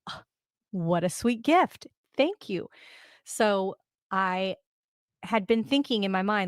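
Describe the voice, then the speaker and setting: A middle-aged woman co-hosting a podcast, telling a story in animated, quick bursts of casual chat. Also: mid-range voice, clean tone, no room sound, studio quality. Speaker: podcast co-host.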